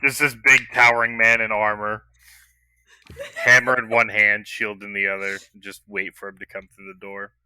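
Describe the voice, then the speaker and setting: Bright-voiced man player in a dry room. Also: on the low side, little pitch movement, normal speed, clean tone, dry recording, poor audio. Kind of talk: casual tabletop play.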